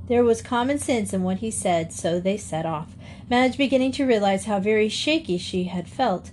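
A woman reading a classic children's novel aloud in steady storytelling narration. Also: mid-range voice, normal speed, slight background noise. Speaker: audiobook reader. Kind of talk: scripted narration.

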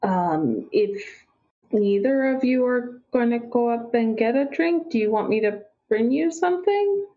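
A woman's voice: fairly high pitch, lively intonation, unhurried, narrow, tinny audio. A woman playing a tabletop role-playing game, speaking politely with hesitations. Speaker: player.

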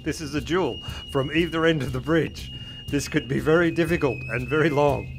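A man's voice: on the high side, normal speed, creaky, soft background music. A man giving casual gameplay commentary as a channel host. He plays up mock outrage in a theatrical way and keeps breaking into laughter. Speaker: video game channel host.

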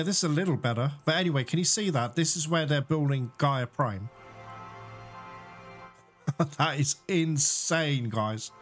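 A man casually commenting on his gameplay for his viewers, excitable and quick to swear at enemies. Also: fairly high pitch. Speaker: gaming channel host. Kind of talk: casual let's-play commentary. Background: loud game music.

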